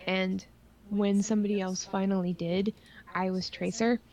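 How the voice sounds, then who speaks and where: A woman's voice: mid-range voice, little pitch movement, moderate pace, a little mellow. A young adult woman from Ontario co-hosting a casual gaming chat show, rambling and playful with many fillers. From Ontario, Canada. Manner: rambling, lots of likes and ums, playful. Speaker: podcast co-host.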